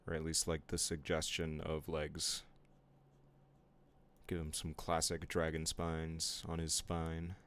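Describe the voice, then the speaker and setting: Deep-voiced man bantering with stream chat. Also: monotone, takes it slowly, fairly bright tone. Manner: playful mock-offended banter with chat. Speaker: art streamer. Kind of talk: casual live-stream chat while drawing.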